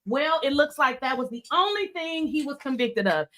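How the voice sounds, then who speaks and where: A woman hosting a casual live chat, excitable and out of breath, talking straight to her viewers. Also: high-pitched, normal speed. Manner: excitable, chatty, addresses viewers as y'all. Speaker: livestream host.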